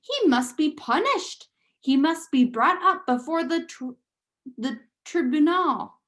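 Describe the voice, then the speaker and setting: A woman doing a loud, pompous father mouse. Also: on the high side, expressive, a little slow. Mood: stern. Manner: loud, declaiming, melodramatic.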